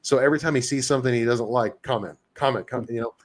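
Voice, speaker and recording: A man with a mid-range pitch, chatting casually on a live stream. He rambles and leans on fillers, and he often mocks himself as he talks. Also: rapid-fire. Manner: rambling, filler-heavy, self-mocking. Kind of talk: casual chat.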